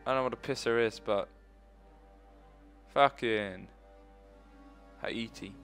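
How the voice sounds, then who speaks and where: Faint music plays behind a young man's slow, mid-range voice as he commentates his strategy game for a let's play. The tone is clean and fairly bright, though his talk rambles and is full of swearing.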